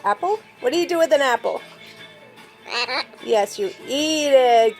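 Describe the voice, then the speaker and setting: A woman's voice: high-pitched, expressive, measured pace, pauses often, darkish tone, faint music behind. Sing-song woman coaxing her pets. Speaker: pet owner and vlogger. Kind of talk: casual pet vlog.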